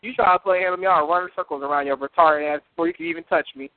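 A man with a high voice hurls profane, boastful trash talk and breaks into laughter between threats. The sound is thin and tinny, like a phone line. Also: steady tone, fast, no room sound.

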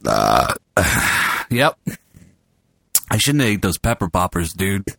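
A man hosting a podcast table read in a casual, joking manner, laughing often as he stops and redoes his lines. His voice moves around a lot in pitch, and it is recorded dry and close at a home setup. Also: wildly swooping pitch, takes it slowly, creaky, sharp tone, breathy edge, no echo. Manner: joking, laughs a lot, talks through retakes. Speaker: podcast host.

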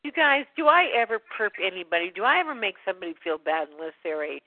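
Hosting a community call, a woman chats casually and laughs often between her remarks. Her medium-pitched voice is sing-song and fast, coming through a phone on a thin, dry-sounding line.

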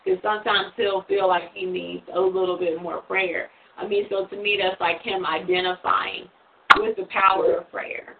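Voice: medium pitch, level tone, moderate pace, vocal fry, slight background noise. A parent on a community call, talking in a chatty way with many fillers. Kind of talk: casual chat. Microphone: phone or call line. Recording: distant, tinny phone line.

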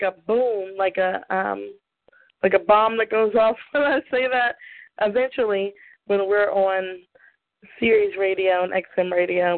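A woman with a Southern US accent hosting a call-in radio show, chatty and bubbly, laughing often. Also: mid-range voice. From American South. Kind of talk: casual call-in radio chat. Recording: tinny phone line.

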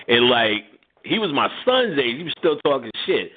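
This middle-aged man hosts a radio show and spins casual stories full of profanity, breaking into laughter and acting out other people's lines in different voices. He speaks in an animated, mid-range voice at a fairly quick clip, and the audio has a phone-line quality.

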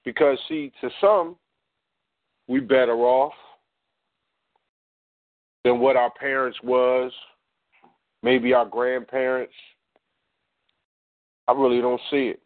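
A man's voice: medium pitch, steady tone, takes it slowly, long pauses, no room sound. Man talking radio over a phone line. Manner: conversational and emphatic, addressing listeners directly. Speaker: talk radio co-host. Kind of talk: casual talk radio commentary. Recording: dry, tinny phone line.

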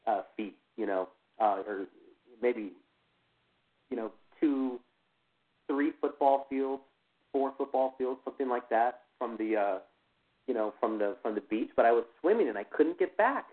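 Man, interview guest, halting delivery, lots of "you know" fillers, mid-pitched voice, tinny phone-line sound. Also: expressive. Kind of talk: personal account in an interview.

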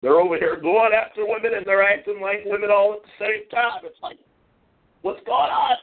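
A man's voice: high-pitched, steady tone, brisk. Brash, boastful man on a tinny line. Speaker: call-in show host. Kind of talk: solo call-in radio monologue. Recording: phone-like lo-fi call-in audio.

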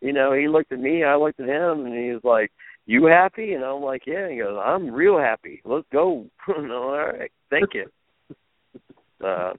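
A man guest telling wrestling-world stories in a casual interview, animated and laughing, acting out quotes in raised voices. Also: mid-range voice, moderate pace, no room sound. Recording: tinny phone-like line, dry.

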